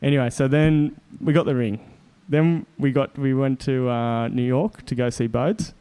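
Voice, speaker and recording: An Australian man telling a story in casual chat as a guest, animated and laughing often as he acts out what people said. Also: medium pitch, normal speed, smooth.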